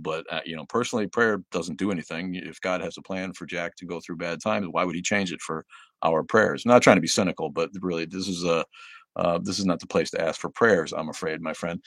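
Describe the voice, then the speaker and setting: A man's voice: low voice, no room sound, studio quality. A man hosting a casual livestream, reading viewer comments aloud and answering them bluntly and sardonically, with frequent fillers and laughs. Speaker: livestream host.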